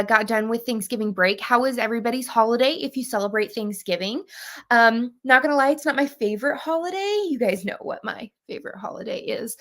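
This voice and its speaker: Bubbly woman in her thirties hosting a livestream. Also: a little high. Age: 30s. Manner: bubbly, greets viewers by name. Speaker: book club host. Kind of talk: casual livestream chat.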